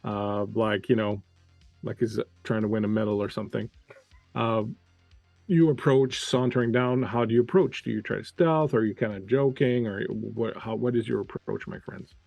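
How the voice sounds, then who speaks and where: A man's voice: on the low side, fairly even intonation, normal speed, vocal fry, a little mellow, no echo, soft background music. A man whose first language is French, running a tabletop game in a loose, chatty way with many fillers. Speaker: game master.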